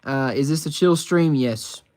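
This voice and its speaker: Using his phone to stream, an American man reads out questions from the chat and responds casually, rambling with plenty of fillers. His voice is fairly high with a darkish tone, and he talks a little slowly.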